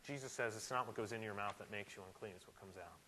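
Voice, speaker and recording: A man preaching a sermon in a church, animated and emphatic, with sudden loud rises. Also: fairly low pitch, quick pace, slight background noise, poor audio. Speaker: pastor.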